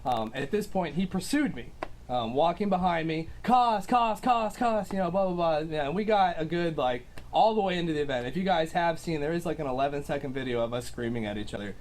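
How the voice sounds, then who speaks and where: A man's voice: fairly high pitch, lively intonation, fast talker, darkish tone, slight background noise. A young man telling his side of a clash in a casual, hesitant way, full of ums and likes. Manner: rambling, hesitant, with many fillers. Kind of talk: casual storytelling.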